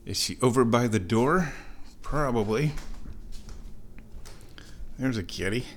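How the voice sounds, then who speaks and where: A man's voice: mid-range voice, expressive, takes it slowly, a little hiss or hum. A man hosting a casual solo show at home, chatty and playful, wandering the house and talking to his cat. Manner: playful, chatty, talks to his cat in a sing-song baby voice. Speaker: podcast host. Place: at home, walking around the house.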